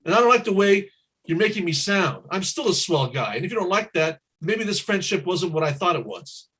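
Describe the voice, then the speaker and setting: A man's voice: high-pitched, expressive, fairly quick, fairly bright tone, breathy edge, full character voice. An actor playing a laid-back 1950s teen boy who has taken up reefer, talking in a rambling, dreamy way in a live improv comedy scene. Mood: hurt.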